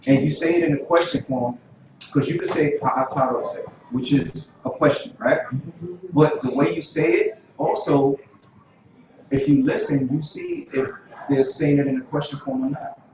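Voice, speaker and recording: A man teaching an informal language class, unhurried and pausing often with fillers. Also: mid-range voice, steady tone. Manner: unhurried, many filler pauses. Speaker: Hebrew teacher. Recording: echoey, distant, dull lo-fi room recording with noise.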